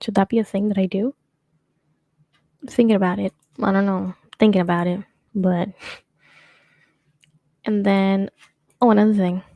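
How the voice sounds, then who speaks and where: A woman's voice: mid-range voice, level tone, moderate pace, pauses often, no echo, dull audio. A young adult woman hosting her own show, chatting casually and rambling with lots of fillers and restarts. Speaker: podcast host. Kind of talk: casual solo chat.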